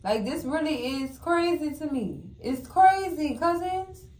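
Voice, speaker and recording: Woman recap host, high voice, fiery, chatty, echoey room. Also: a little slow. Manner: animated, exclamatory, addresses viewers as cousins. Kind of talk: casual TV recap commentary.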